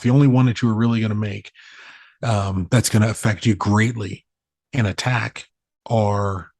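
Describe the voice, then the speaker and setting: Gravelly low-voiced man, swearing storyteller. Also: darkish tone, no room sound, studio quality. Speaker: podcast co-host. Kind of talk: casual chat.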